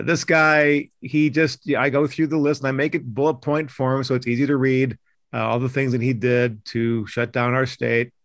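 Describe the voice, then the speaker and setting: A man hosts a political podcast in an emphatic, indignant way, often stumbling and restarting his sentences. His voice sits at an ordinary middle pitch. It is recorded on a close mic with a dry, deadened sound. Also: dry recording. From Idaho. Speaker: podcast host, news editor.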